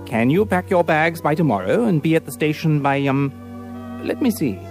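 An actor playing a brisk, eager Victorian gentleman detective, bantering in an upper-class way in an audiobook drama. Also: on the high side, lively intonation, soft background music.

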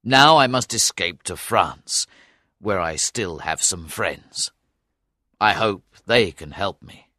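A man's voice: low voice, lively intonation, slow pace, bright, forceful tone, no echo, studio quality, exaggerated voice. A man voicing a defeated knight in a storybook reading, speaking sorrowfully with a rise and fall. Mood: sad. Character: defeated old knight, sad and beaten.

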